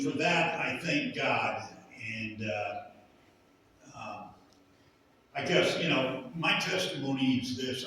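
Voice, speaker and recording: A middle-aged man sharing his recovery testimony in a halting, rambling way with many fillers. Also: mid-range voice, fairly bright tone, slight background noise. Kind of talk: personal testimony. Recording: echoey hall from far off.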